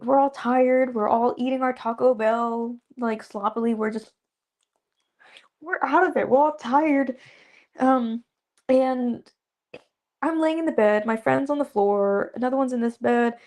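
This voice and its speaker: A young woman, an actress guest, chatting casually in an interview and telling lively stories with laughs and acted-out quotes. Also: a little high, a little slow. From Dallas area. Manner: animated storyteller, laughs often, acts out quotes.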